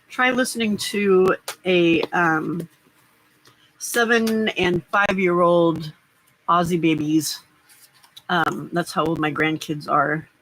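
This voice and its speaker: A woman's voice: lowish voice, fairly bright tone, rough recording. A middle-aged woman hosting a casual live stream, chatting and rambling as she crafts and answers viewers' comments. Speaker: livestream host.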